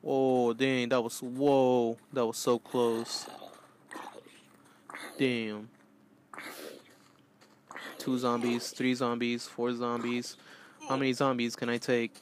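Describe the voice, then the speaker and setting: Man, mid-range voice, goofy excitable game commentary, yells out a lot, faint background noise. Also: medium pitch, takes it slowly, pauses often. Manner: goofy, excitable, often yelling out. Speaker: gaming channel host. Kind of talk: let's play commentary.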